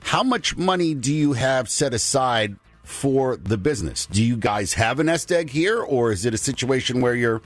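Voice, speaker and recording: A man's voice: medium pitch, expressive, moderate pace, few pauses, dry recording. Skeptical male radio co-host. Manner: skeptical, practical, chatty with fillers. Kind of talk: casual radio talk show chat.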